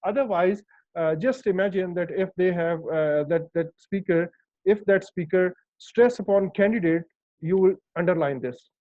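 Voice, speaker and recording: A man's voice: high voice, normal speed, dry recording. A man with a Pakistani accent, Urdu native, teaching English in an online lesson, hesitant with many fillers and stressing words. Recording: dull, dry lo-fi call audio.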